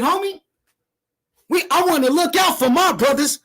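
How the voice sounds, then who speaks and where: A man from a boxer's camp loudly calling out an opponent in hyped, profane, repetitive trash talk. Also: very high-pitched, normal speed. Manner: loud, repetitive, profane rallying.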